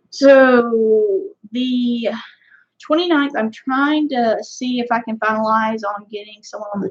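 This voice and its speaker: A woman with a slightly high voice and a Southern US country accent hosts a fishing channel livestream. She chats casually with viewers, rambling and using lots of fillers. The audio sounds dull.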